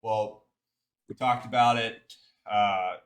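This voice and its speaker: A lower-voiced man hosts a podcast in a relaxed, casual way. He keeps tossing in "yeah" and "man" as the guest talks, then wraps things up loosely. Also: slow pace. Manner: relaxed, encouraging backchannels, calls guest man and bro. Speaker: podcast host, veteran. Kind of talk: casual interview.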